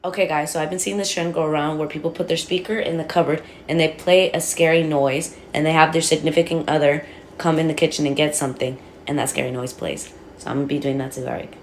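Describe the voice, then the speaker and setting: A woman's voice: low-pitched, steady tone, quick pace, slight background noise. A woman casually explaining a prank to her viewers. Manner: chatty, explaining to camera. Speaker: TikTok prankster. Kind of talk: casual vlog setup.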